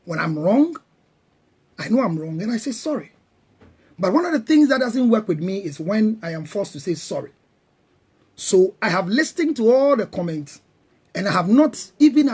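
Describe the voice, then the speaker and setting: A man's voice: high voice, a little mellow, slightly rough. A middle-aged Ghanaian man on a talk panel, defending himself emphatically and mixing English with Twi. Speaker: guest counselor. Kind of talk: heated panel discussion.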